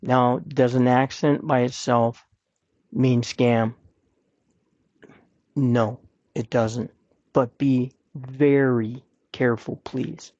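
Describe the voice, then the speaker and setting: A man's voice: mid-range voice, little pitch movement, drawn-out words, pauses often, darkish tone, dry recording, dull audio. A man hosting a podcast, giving earnest, plain-spoken advice and repeating his points for emphasis. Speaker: podcast host. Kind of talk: personal advice talk.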